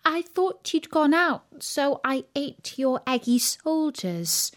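A woman voicing a demanding small girl with a shrill, pleading voice. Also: sing-song, slow pace, full character voice. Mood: sheepish. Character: demanding toddler little sister, shrieking.

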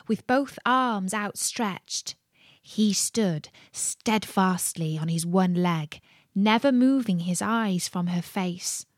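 Slow expressive woman reading a fairy tale. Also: mid-range voice, dry recording, studio quality. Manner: expressive, dramatic. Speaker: storyteller. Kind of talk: fairy tale read aloud.

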